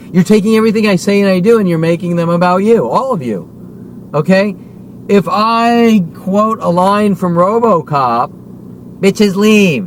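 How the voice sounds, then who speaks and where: A high-pitched man in his forties vents in a long, furious monologue, swearing freely. He hammers his points home and keeps demanding "okay?" of an unseen audience. A soft wash of car noise sits underneath. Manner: heated, profane, repeatedly demanding "okay?". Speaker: vlogger. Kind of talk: angry ranting monologue.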